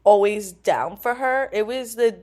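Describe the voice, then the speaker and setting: A young woman hosting a podcast, telling animated, laughing stories in casual chat and swearing freely. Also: mid-range voice, a little slow. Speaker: podcast host.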